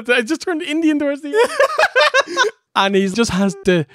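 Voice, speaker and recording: An eager male co-host with a very animated, swooping delivery, swearing and laughing as he gushes. The recording is close and dry. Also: extremely high pitch, a little slow, dry recording. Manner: enthusiastic, swears and laughs a lot. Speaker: podcast co-host. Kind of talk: comedic wrestling review chat.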